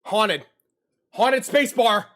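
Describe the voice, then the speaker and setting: A man's voice: sits high, expressive, slow, fairly bright tone. A young man chatting casually to his livestream audience, repeating himself and easily spooked. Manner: talks straight to chat, repeats his lines, easily spooked. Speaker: streamer.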